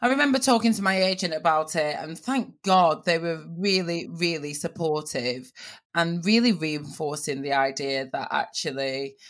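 A woman with a Northern English accent, a TV presenter telling her personal story in an animated way, with her voice jumping for quoted speech. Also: sits low, normal speed.

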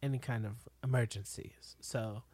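A woman's voice: very deep voice, fairly even intonation, normal speed, dark tone, slightly rough, dry recording. A woman co-hosting a podcast, chatting casually with playful asides while recapping a show. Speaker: podcast co-host.

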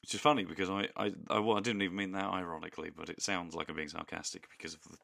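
A man chatting as a podcast co-host, his low voice hoarse, croaky and gravelly after a sore throat. He talks in a flat, inexpressive tone, and the recording is close and dry. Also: rapid-fire, no room sound. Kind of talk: casual chat. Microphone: studio podcast mic.

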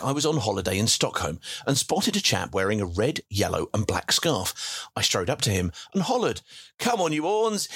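A man's voice: on the low side, a bit bright, slightly rough, no echo. Guy hosting a live chat, jovial, dry close sound, reads out messages. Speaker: podcast host. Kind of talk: casual live audio chat.

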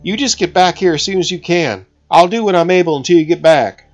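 A man's voice: high-pitched, fairly quick, soft background music, voice pushed up, close to an everyday voice. A man voicing a tough, brash woman gunslinger who is a mother, talking urgently. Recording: slightly dull recording.

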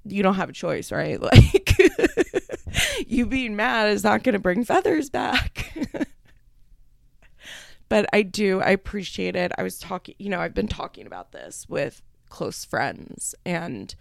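A woman's voice: medium pitch, big pitch swings, unhurried, creaky, no room sound, studio quality. A young woman hosting her podcast alone, rambling and tearful as she speaks with casual swearing. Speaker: podcast host. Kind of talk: solo podcast announcement.

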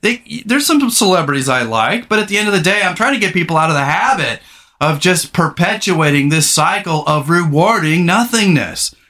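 A middle-aged man hosting a podcast in casual chat, rambling, candid and quick to swear. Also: high-pitched, animated, sharp tone. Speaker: podcast host.

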